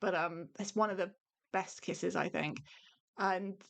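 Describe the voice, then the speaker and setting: A woman's voice: lowish voice, a little slow, gravelly. A woman co-hosting a podcast in casual chat, recapping scenes with eager detail and many fillers. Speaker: podcast co-host.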